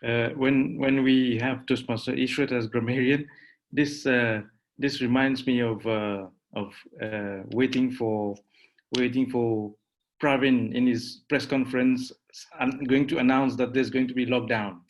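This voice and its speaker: A man's voice: medium pitch, fairly even intonation, measured pace. A man chairing a club meeting, introducing speakers with many fillers and light jokes.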